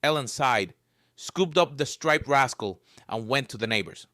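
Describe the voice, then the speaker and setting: A man narrating a scripted story in a lively, varied storytelling voice. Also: medium pitch, measured pace, no echo, clean studio sound.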